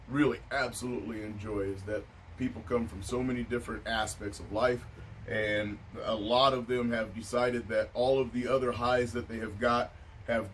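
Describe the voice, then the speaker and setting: A man's voice: medium pitch, a bit bright. A man hosting a casual chat, musing in a laid-back way with many filler phrases. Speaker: podcast host. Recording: distant mic with faint noise.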